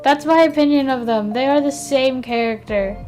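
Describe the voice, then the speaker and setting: A woman's voice: high-pitched, moderate pace, darkish tone, faint music behind. A tired woman streaming casually, chatting and mumbling to herself as she works, with a self-deprecating manner. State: tired, yawning. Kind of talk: casual live-stream chat.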